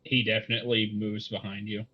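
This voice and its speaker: A man narrating a tabletop game as game master, measured and descriptive. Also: lowish voice, flat delivery, breathy edge, muffled recording.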